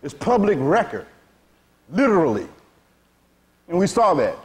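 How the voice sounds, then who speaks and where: A man whose high, darkish voice swings hugely in pitch speaks a little slowly as he teaches a sermon to a seated crowd. The spiritual teacher is frank and vernacular, often asking "you see?".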